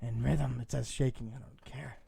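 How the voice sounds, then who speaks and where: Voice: mid-range voice, fairly even intonation, normal speed, creaky, mellow, husky. A reader performing a comedic dramatic reading of fan fiction in a mock-dramatic way, trying out silly voices.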